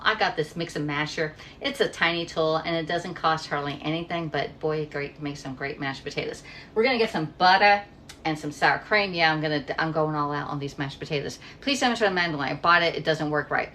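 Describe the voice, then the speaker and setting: Middle-aged woman, lowish voice, hosting a live cooking stream from her kitchen on a phone, faint hiss behind. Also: quick pace, pushed and bright. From Pennsylvania. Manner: chatty, reads viewer comments aloud, rambles off topic. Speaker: livestream cooking host. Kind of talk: casual chat while cooking. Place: home kitchen.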